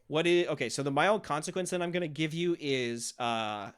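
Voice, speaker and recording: A man's voice: fairly high pitch, normal speed, fairly bright tone, clean tone. Man running a tabletop game. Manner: explains rules, acts out monster noises. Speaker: game master.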